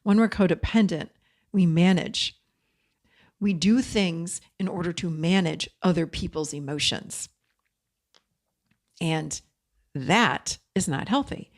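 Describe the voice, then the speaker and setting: A woman's voice: lowish voice, slow, pauses often. A woman hosting an advice podcast, talking in an earnest, direct coaching way and mixing in personal stories. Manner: chatty, frequent "you know". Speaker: podcast host and codependency coach.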